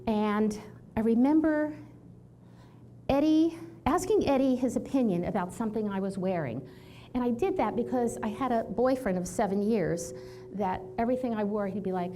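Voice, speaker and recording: A chiropractor in her sixties giving an animated storytelling talk to an audience, acting out the people she quotes. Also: on the high side, normal speed, slight background noise. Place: event hall with audience.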